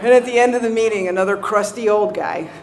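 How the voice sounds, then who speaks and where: A woman's voice: mid-range voice, quick pace, a crowd in the background. A woman with a Southern American accent tells a personal recovery story to a live audience, self-mocking and conversational, often checking in with "right?". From Southern United States. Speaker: recovery speaker.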